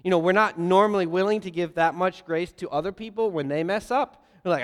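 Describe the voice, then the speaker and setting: Lively preacher in a reverberant hall. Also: male voice, sits high, brisk, hardly any pauses. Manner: lively storytelling with playful voiced asides. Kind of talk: sermon.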